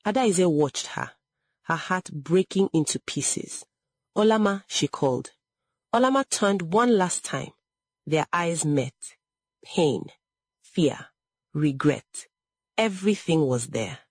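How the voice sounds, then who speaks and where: A woman narrating a sad story in a measured, dramatic way with lingering pauses. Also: deep voice, expressive, husky, dry recording, studio quality.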